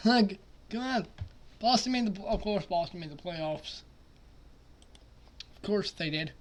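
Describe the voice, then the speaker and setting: A man commenting casually on a basketball simulation, muttering quietly at times and then breaking into loud, excited outbursts. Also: sits high, slow pace. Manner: excitable, swings from mumbled asides to loud outbursts. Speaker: simulation gaming streamer.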